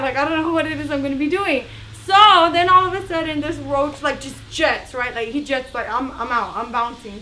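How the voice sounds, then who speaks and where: A young woman telling a story in a casual vlog, chatty and animated, acting out the other people's voices. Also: high voice, slight background noise. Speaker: vlogger.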